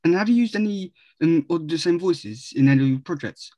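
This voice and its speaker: A man asking short interview questions in a quick, hesitant way. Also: fairly high pitch, expressive, mellow.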